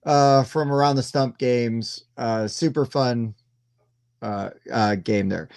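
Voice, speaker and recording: A man chatting casually on a live show, lively and joking with quick asides. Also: medium pitch, clean tone, no room sound, clean studio sound. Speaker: panelist on a live whiskey and board game show. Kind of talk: casual chat.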